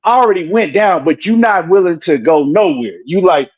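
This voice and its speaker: A man's voice: high voice, lively intonation, moderate pace, darkish tone, highs cut off. A man debating on a live stream, talking through an earbud and pressing his point with repeated questions and "right?".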